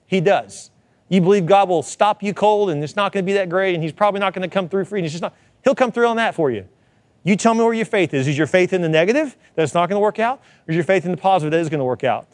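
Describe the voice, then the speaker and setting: Guy preaching a sermon, pretty high voice, does the voices in his quotes, dry close sound. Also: a little mellow, no echo. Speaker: pastor.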